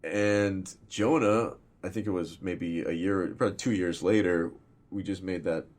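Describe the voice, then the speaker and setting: A man with a very deep, low voice chats loosely about his films as their director. He rambles through the talk with plenty of fillers and swears freely and casually. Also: steady tone, unhurried, darkish tone. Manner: rambling and profane, full of fillers. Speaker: film director. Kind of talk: casual podcast interview.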